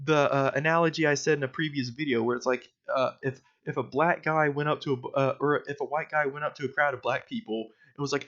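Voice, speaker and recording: A man's voice: mid-range voice, fairly even intonation, fast, few pauses, a bit bright. A young man giving casual, sarcastic video commentary, mocking his target with lots of fillers. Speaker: political commentator. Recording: dull lo-fi recording.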